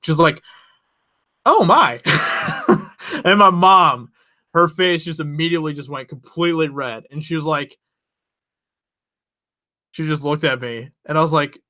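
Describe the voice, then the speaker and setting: Young male host, bright voice, rambling and chatty, laughs a lot between lines. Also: on the high side, steady tone, moderate pace, long pauses. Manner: rambling, chatty, laughs often, many restarts. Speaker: channel host. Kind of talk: casual late-night storytelling to viewers.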